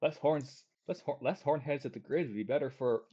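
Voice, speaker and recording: A man's voice: mid-range voice, brisk, dark tone, husky, natural voice. A man voicing Ren, a smug, taunting young male half-gnome student in a tabletop game. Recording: dull lo-fi audio.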